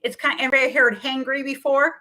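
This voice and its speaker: Woman, wellness coach, chatty, animated storyteller, acts out quotes. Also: high voice, quick pace. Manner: energetic, chatty, often acts out quoted voices. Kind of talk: animated storytelling in a talk-show interview.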